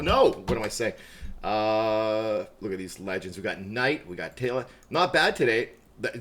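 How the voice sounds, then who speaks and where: A middle-aged man chatting casually on a live stream, self-mocking and laughing often. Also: on the low side.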